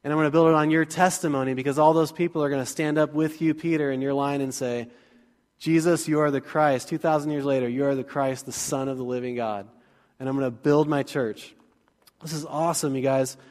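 A fairly high-voiced man preaching a sermon in a church sanctuary. He keeps it casual and joking, then builds into energetic bursts. His voice carries a long, ringing church reverb. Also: fairly quick. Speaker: pastor.

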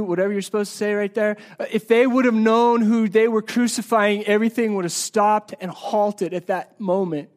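Male pastor from the States, high voice, earnest sermon delivery with loud and hushed swings. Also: fairly even intonation. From United States. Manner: earnest, swings between loud emphasis and hushed slow passages. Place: church sanctuary.

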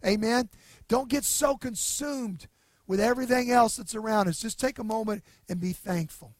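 A male pastor preaching in an earnest, conversational style, dropping in casual asides. His voice sits very high for a man, and the sound is close and dry with little room echo. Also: moderate pace. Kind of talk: sermon. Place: near-empty church building.

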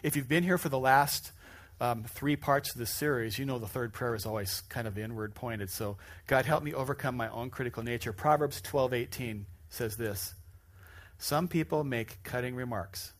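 A pastor preaching a sermon to a congregation, joking and self-deprecating with animated asides. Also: male voice, mid-range voice, moderate pace. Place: church stage before a congregation. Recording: music playing behind the speaker.

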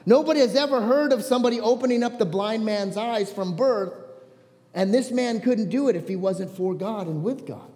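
A man's voice: very high voice, animated, normal speed, in a large hall, pitched above the performer's own voice. A man voicing a formerly blind grown man who stands up to the leaders, insistent and exasperated. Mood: defiant.

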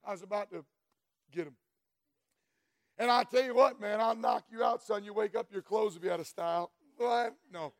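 A middle-aged man giving a folksy, animated testimony sermon, telling stories and breaking into shouts. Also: high voice, normal speed, long pauses, no room sound. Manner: folksy, storytelling, bursts into shouts.

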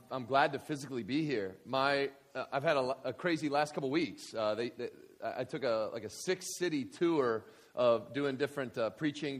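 A male guest preacher telling a story in a sermon, full of restarts and rising to shouts. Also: medium pitch. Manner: animated, many restarts, builds to shouting.

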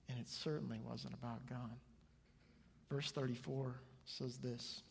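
A male pastor preaching a sermon with earnest swings between soft and loud delivery, in a church sanctuary. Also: medium pitch, flat delivery, unhurried, vocal fry, slight background noise. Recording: long hall reverb.

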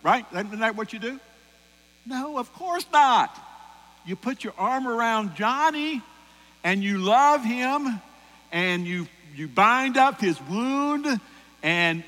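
A man in his sixties preaches with animation, slipping into voices and bits of song. His voice is bright and sits fairly high for a man. It rings through a reverberant hall over a low mains hum. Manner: animated, acts out voices and sings song lines. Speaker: pastor. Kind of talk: sermon.

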